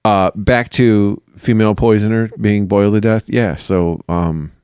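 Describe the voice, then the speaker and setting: A man with a lowish voice co-hosts a podcast in loose, joking chat. His delivery is playful and easy. The sound is close and dry, with no room echo. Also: fairly even intonation, a little slow, darkish tone, clear, resonant tone. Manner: joking, playful, acts out scenes in silly voices. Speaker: podcast co-host. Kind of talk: casual chat.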